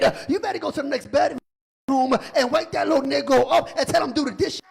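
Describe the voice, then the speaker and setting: A man preaching a sermon as pastor, joking with the congregation and building from quiet talk to shouting, often repeating words. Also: extremely high pitch, fast, creaky. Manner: conversational preaching that rises to shouting, with stammered repeats; humorous, teasing the congregation.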